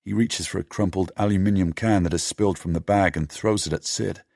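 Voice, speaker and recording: A man narrating an audiobook in a steady, measured storytelling manner. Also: sits low, creaky, dry recording, studio quality.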